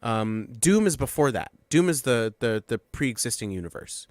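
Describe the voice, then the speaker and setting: Male podcast co-host, middle pitch, dry close mic, loose and profane delivery. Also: lively intonation, moderate pace, no room sound. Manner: profane, rambling, many restarts. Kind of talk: casual chat.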